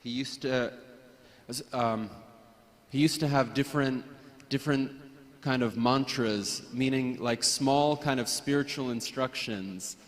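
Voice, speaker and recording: A man sharing personal memories at a memorial gathering, hesitant, with frequent restarts and soft laughs. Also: medium pitch, a little slow, long reverb tail. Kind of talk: personal reminiscence.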